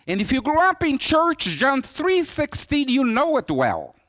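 A man's voice: extremely high pitch, measured pace. A man from Brazil preaching as a missionary, telling stories and acting out the voices of people in them. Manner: animated storyteller, acts out quoted voices. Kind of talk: sermon storytelling.

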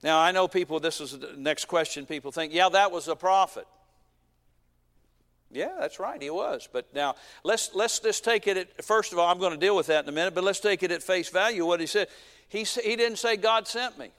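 A man's voice: high-pitched, normal speed, a bit bright, in a large hall. A man preaching a sermon in a folksy, emphatic way, full of repetition and homespun humor.

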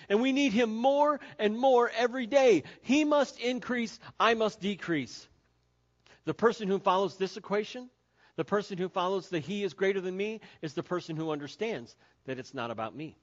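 A man preaching a sermon as pastor, earnest and repetitive, often dropping soft and low to stress a point. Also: dull audio. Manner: earnest, repeating key phrases, drops soft and low for emphasis.

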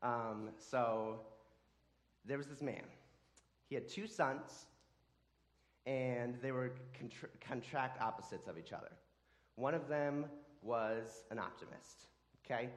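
A man preaching a sermon in a middle-pitched voice. He talks in a halting way, often repeating words and restarting his sentences as he explains a scripture passage.

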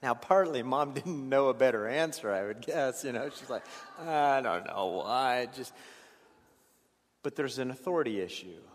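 A man preaching a sermon as a pastor, in an earnest way, often stumbling over repeated words and moving between hushed passages and raised ones. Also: medium pitch, expressive, brisk, hardly any pauses, big-room sound. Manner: earnest, stammering restarts, swings between hushed and raised delivery.

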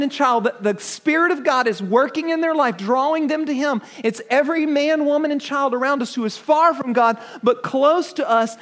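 High-voiced preaching pastor. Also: male voice. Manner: earnest, repeats words, asks the congregation questions. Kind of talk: sermon.

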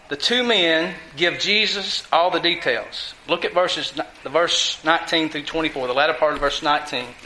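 Here a preacher's high voice sounds pushed and bright as he reads scripture and teaches conversationally, checking in with his listeners. The rough recording is roomy, with slight background noise.

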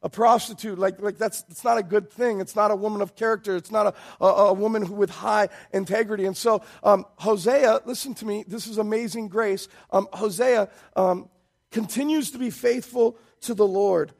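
A man in his thirties delivers a sermon from the pulpit. His voice sits very high, with a gravelly edge. He moves between soft, hushed pleading and sudden loud emphasis. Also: steady tone, moderate pace. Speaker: pastor.

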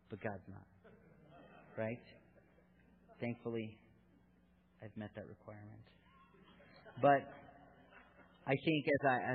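A man in his thirties giving an earnest, candid sermon to fathers, telling stories from his own family. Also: fairly low pitch. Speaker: preacher at a church gathering for fathers. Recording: tinny phone-like lo-fi recording.

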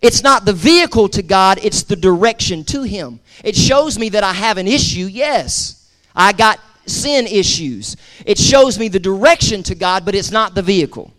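Man, pastor, sermon, high voice, emphatic, repeats for emphasis, call-and-response. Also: animated, normal speed, fairly bright tone. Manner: repeats words for emphasis, conversational asides.

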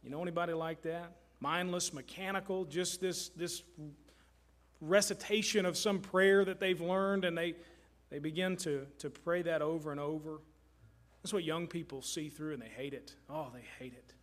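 A middle-aged man from Kentucky delivers a sermon from the pulpit. His voice sits high for a man, and his earnest, emphatic delivery leans on repetition to drive each point home. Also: normal speed. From Kentucky, USA. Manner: earnest, emphatic preaching with repeated phrases. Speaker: pastor.

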